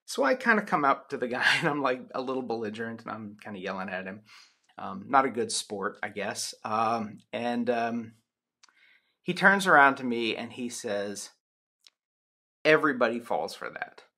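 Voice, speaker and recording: A man's voice: mid-range voice, lively intonation, normal speed, sharp tone. A man lecturing on sociology in a loose, chatty way, with many ums and restarts. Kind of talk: recorded lecture with personal anecdote.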